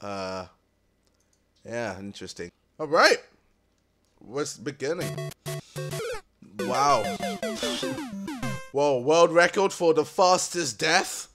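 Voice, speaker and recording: A young man giving let's-play commentary, exasperated, swearing and yelling at the game. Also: fairly high pitch, animated, takes it slowly, pauses often, music in the background. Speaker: gaming commentator.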